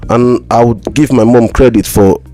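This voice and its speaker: A man from Nigeria, a mental health practitioner chatting as a podcast guest. He talks haltingly and repeats words with a slight stammer. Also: mid-range voice, steady tone, dark tone, faint music behind. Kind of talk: casual conversation.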